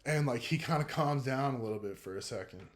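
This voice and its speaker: A young man telling a story from his own life in a loose, profane way, with a steady stream of "like" between his words. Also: mid-range voice, brisk. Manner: laid-back, profane, heavy use of filler "like". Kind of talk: casual first-person storytelling.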